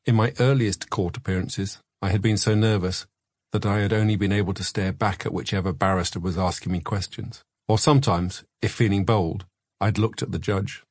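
A man with a low, husky voice narrates a memoir in a measured, matter-of-fact way. He is close on the mic in a dry, dead studio. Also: fairly even intonation, dry recording. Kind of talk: scripted audiobook narration.

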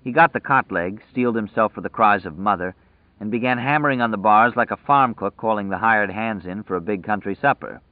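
A man narrating an audiobook in a measured, dramatic storytelling manner. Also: lowish voice, dry recording. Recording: dry tinny phone-like sound.

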